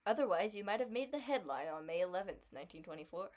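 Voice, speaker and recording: A young woman co-hosting a casual podcast, chatty and quick to laugh while reading old headlines. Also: on the low side, animated, a little mellow. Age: young adult. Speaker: podcast co-host.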